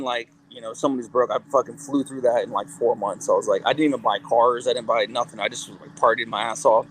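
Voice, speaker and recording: A man in a mid-pitched voice spins loose, rambling stories for an interview, swearing freely and packing every sentence with fillers. He slips into quoted dialogue as he goes, with faint background noise behind him. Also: fairly even intonation, fairly quick, fairly bright tone, low-quality recording. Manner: rambling, profane, full of "like" fillers. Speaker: guest, cannabis company CEO and musician. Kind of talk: casual interview storytelling.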